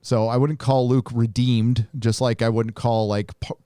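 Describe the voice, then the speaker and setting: A man's voice: mid-range voice, flat delivery, a little slow, mellow, clean tone, no echo, clean studio sound. A middle-aged man hosting a live stream, chatting casually and reading viewer messages, with a loose, rambling delivery full of restarts. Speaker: host reading super chats.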